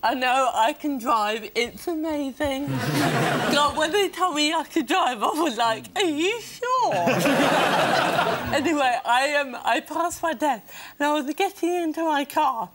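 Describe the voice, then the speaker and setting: A woman on a TV panel telling a self-mocking story slowly, laughing as she goes. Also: high voice, background noise. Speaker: panel guest. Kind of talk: comic anecdote on a TV panel. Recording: loud studio audience laughter.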